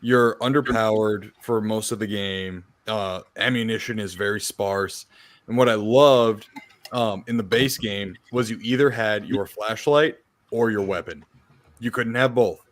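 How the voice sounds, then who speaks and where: A man's voice: lowish voice, unhurried. A man co-hosting a podcast, chatting casually about games with easy laughs and swearing. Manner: relaxed gamer talk with laughs and swearing. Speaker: podcast co-host. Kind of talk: casual chat.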